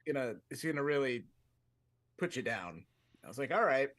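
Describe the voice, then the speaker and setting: A man's voice: mid-range voice, sing-song, normal speed, fairly bright tone. A man on a comedy podcast telling a long story in a casual, rambling way, often breaking off and laughing mid-sentence. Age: adult, with a fiance. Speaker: podcast co-host.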